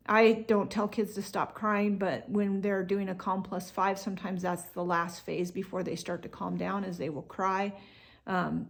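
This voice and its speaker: Woman coaching parents, relaxed and chatty, some vocal fry, middle pitch. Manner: relaxed, conversational, with many fillers and restarts; acts out what parents and kids say. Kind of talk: instructional talk to parents.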